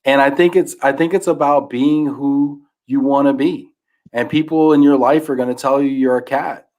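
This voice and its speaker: Speaking at normal speed with a medium pitch, this man is a guest on a podcast, chatting casually. He tells a children's story with real animation, though his words keep dropping away into mumbles.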